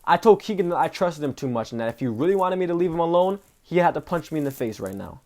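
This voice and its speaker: A young man vlogging, telling a story in a casual, animated way with lots of slang. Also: on the high side, fast talker. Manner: animated, slangy, says "bro" often. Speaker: travel vlogger.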